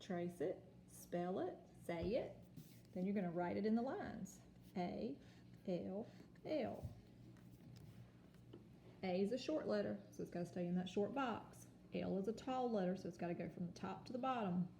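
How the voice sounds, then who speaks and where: A woman teaching a kindergarten home lesson on video, sounding out letters and words slowly and patiently. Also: mid-range voice, lively intonation, vocal fry, mellow, reverberant, slight background noise. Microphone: phone or camera.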